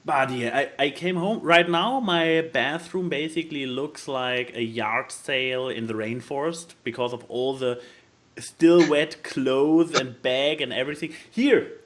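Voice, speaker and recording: A man co-hosting a casual podcast. His voice sits a little high, and he rambles in an animated way, laughing often. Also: measured pace. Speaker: podcast co-host. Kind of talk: casual chat.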